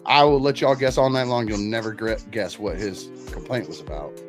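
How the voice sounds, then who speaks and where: Man, forties, low-pitched, laid-back and profane storyteller, music bed behind him. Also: fairly quick. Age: 40s. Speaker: podcast host. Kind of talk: casual storytelling chat. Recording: music playing underneath.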